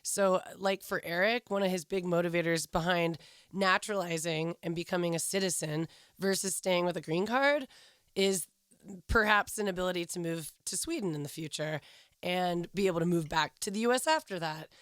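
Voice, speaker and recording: A woman's voice: fairly low pitch, moderate pace, clean tone, dry recording, clean studio sound. A young woman from California co-hosting a podcast in casual, sarcastic chat, swearing freely. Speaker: podcast co-host.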